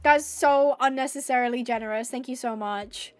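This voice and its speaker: A young woman with a bright, high voice rambles as she streams a building game, thinking out loud and gushing with thanks. She sounds a little teary and snotty. Faint music plays underneath. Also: normal speed. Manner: chatty, thinks aloud, gushes with thanks. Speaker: Minecraft streamer. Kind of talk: casual live-stream chat while gaming.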